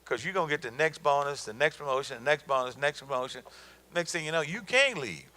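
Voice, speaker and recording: A middle-aged man delivers a motivational business talk in a loose, colloquial way. He tells stories and repeats his punchlines for emphasis. His fairly high voice leaps up and down with animation and has a bright, forceful ring. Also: lively intonation, fast talker, low-quality recording. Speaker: guest speaker on business.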